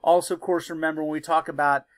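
A man's voice: on the high side, level tone, fast, no echo. Man teaching history, chatty lecture, lots of fillers, dry close sound. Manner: conversational, many fillers like "uh" and "you know".

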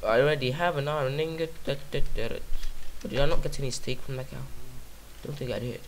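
Fast and mid-range in voice, a gaming YouTuber rambles through casual let's-play commentary on his own game, goofing around, talking to himself, and singing nonsense syllables.

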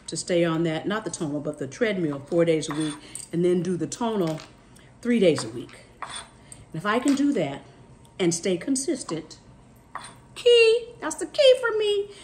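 A woman's voice: fairly low pitch, expressive, moderate pace, darkish tone, slight background noise. A middle-aged woman, chatting casually to her viewers while she cooks in her home kitchen. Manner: chatty, talks straight to viewers with "y'all". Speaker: cooking vlogger. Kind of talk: casual chat while cooking. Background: dishes and cutlery clatter.

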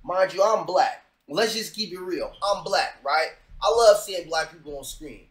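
A man's voice: sits high, moderate pace, a bit bright. Blunt, profane man reacting in a roomy space. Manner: blunt, profane, talks straight to viewers. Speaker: reaction video host. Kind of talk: casual reaction commentary.

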